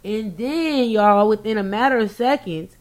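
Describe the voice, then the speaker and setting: A woman tells a story among friends. She talks in an animated, profane way, acting out what people said. Her voice sits in a middle pitch. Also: a little slow. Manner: animated, profane, acts out quotes loudly. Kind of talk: casual storytelling chat.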